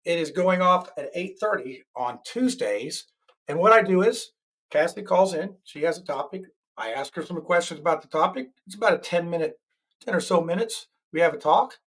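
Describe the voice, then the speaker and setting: A man's voice: fairly high pitch, expressive, normal speed, fairly bright tone. Rambling, jokey man in his sixties. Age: 60s. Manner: rambling and jokey, often restarting and correcting himself. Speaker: talk show host. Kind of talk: casual live-stream talk show chat.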